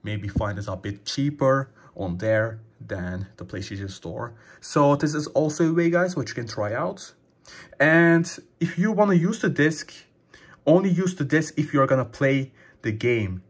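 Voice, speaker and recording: A man's voice: mid-range voice, lively intonation, unhurried, slightly rough. A young man hosting a casual gaming tip video, rambling and calling his viewers guys, a little out of breath. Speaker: gaming channel host.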